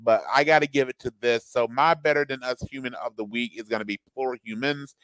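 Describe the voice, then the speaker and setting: A man's voice: mid-range voice, fast, fairly bright tone, clear, resonant tone, no room sound, rough recording. A man co-hosting a casual podcast, who thinks aloud with restarts and upbeat asides. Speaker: co-host.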